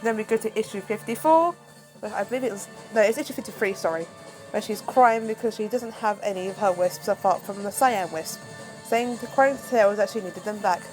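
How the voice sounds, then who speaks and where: A woman reviewing a comic book, recapping it in a chatty, animated casual way. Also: mid-range voice, fairly quick, soft background music, low-quality recording.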